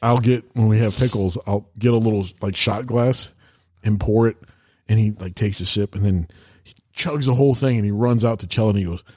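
Husky man in a dry room. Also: on the low side, fairly quick, a little mellow, no room sound. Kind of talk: casual chat.

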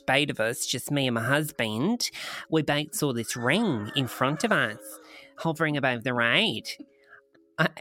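A man's voice: medium pitch, sharp tone. A man voicing an Australian woman who breathlessly recounts a strange sighting, with a put-on Australian accent. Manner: breathless storytelling, quoting others.

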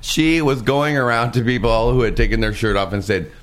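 A man hosting a casual talk show, teasing and laughing with quick interjections. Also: medium pitch, fairly bright tone, slight background noise. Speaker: host. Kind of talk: casual chat.

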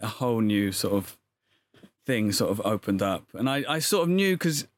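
A man's voice: fairly low pitch, big pitch swings, moderate pace, no echo. A young man talking casually as an interview guest, rambling with many fillers. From England. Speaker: guest, actor.

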